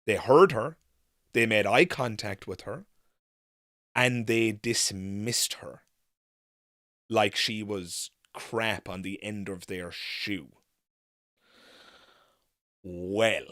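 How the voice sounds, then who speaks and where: A man hosting a live Q&A, telling a story in an animated, frank way and swearing casually. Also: on the low side, very slow, long pauses, no room sound, clean studio sound. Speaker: host.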